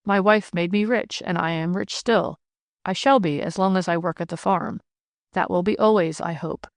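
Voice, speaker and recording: A woman's voice: fairly low pitch, normal speed, dry recording, clean studio sound, close to an everyday voice. A woman reading the part of a sturdy, good-humored widowed ploughman in an audiobook, sounding hearty and earnest.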